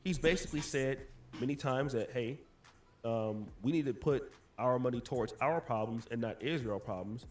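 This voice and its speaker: A man's voice: medium pitch, moderate pace, darkish tone. A man in explanatory commentary, walking listeners through a story step by step.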